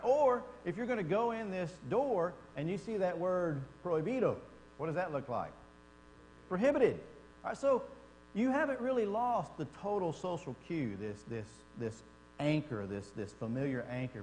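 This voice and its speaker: Man teaching a church class. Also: on the high side. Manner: conversational, animated, acts out quotes. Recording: long reverb in a church hall, faint hum.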